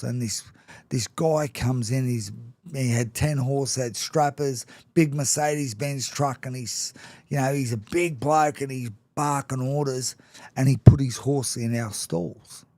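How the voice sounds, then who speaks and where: A man's voice: mid-range voice, warm tone, no room sound. A middle-aged man, a guest in an interview, telling candid stories with frequent restarts and short laughs. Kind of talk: candid storytelling in conversation.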